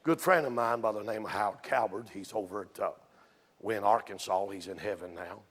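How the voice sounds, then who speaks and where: A man preaching a sermon in a church, telling folksy stories that rise into excited shouts. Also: fairly low pitch, fairly quick. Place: church sanctuary. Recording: long reverb from a church hall.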